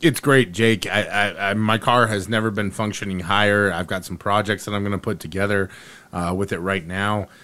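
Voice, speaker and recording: A man co-hosting a sports podcast, talking excitedly and firing off rhetorical questions. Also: lowish voice, normal speed. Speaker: podcast co-host. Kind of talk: animated sports opinion chat.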